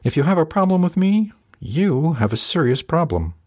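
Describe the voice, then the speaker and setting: A man voicing a stern, controlling male starship captain who speaks in slow, measured, menacing tones. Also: mid-range voice, lively intonation, darkish tone, no echo, clean studio sound, close to an everyday voice.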